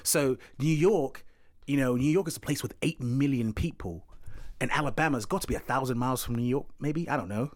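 A Dorset-accented English actor co-hosts a podcast, chatting casually and explaining things at length, often repeating himself. His mid-range voice moves fairly quickly, recorded dry with clean studio sound.

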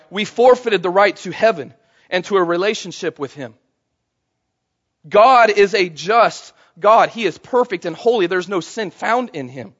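A man's voice: high-pitched, a bit bright, lo-fi sound. A man preaching a sermon to a congregation, talking conversationally and calling for responses from the room. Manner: conversational, calls for audience response. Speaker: pastor. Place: church service before a congregation.

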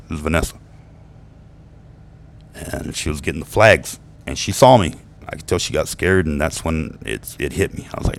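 A man with a low, gravelly voice rambles through a profane monologue, cursing freely and chuckling at his own jokes. Faint noise hums under the recording. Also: brisk. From United States. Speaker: vlogger venting about exes.

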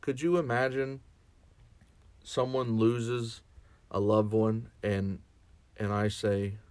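A man's voice: lowish voice, steady tone, slow pace, long pauses, a little mellow, smooth, no room sound. A man speaking as a chaplain in a reflective podcast monologue, earnest and often restarting and repeating his words.

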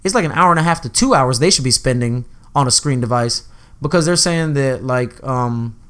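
A man's voice: medium pitch, brisk, fairly bright tone. A young man hosting a casual podcast, loose and profane, often laughing and acting out movie lines. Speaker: podcast host.

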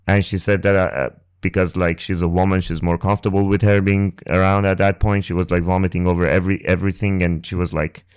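A man hosting a podcast and telling a painful personal story. He speaks haltingly and emotionally, restarts often and swears, close to the mic. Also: deep voice, flat delivery, smooth, no echo. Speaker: podcast host. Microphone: close ASMR microphone.

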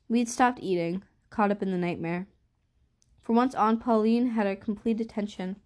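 A woman narrating a first-person novel as an audiobook, with an even, measured reading. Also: mid-range voice.

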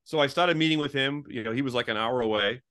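A man in his fifties telling his life story as an interview guest, animated and conversational, often saying "like" and acting out what people said. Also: medium pitch, fast. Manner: animated, fills with "like", acts out quoted people in a raised voice. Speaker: interview guest, former pastor.

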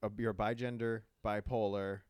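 A man, a comedian, in casual chat, teasing in a wry, deadpan way. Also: lowish voice, normal speed, clean tone, dry recording.

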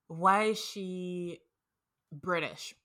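Young woman with a lowish voice, podcast co-host, blunt and opinionated. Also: drawn-out words, pushed and bright. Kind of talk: casual chat.

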